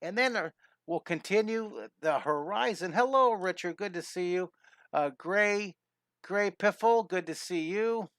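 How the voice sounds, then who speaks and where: A middle-aged man hosting a live-streamed drawing lesson, chatty and enthusiastic, greeting viewers and making quick cat sounds as he draws. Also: high voice, fairly bright tone, no room sound, clean studio sound.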